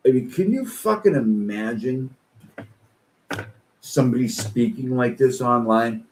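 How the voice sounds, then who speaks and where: A man's voice: slight background noise, low-quality recording. A man streaming reaction commentary, ranting angrily and swearing. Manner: slow-paced, with lively pitch swings. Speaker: streamer reacting to online posts.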